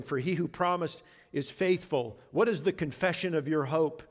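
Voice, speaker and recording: Guy pastor preaching, kinda high voice, earnest and chatty, big echoey church hall. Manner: earnest, conversational, speeds up and slows for emphasis. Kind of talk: sermon. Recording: long reverb of a large hall.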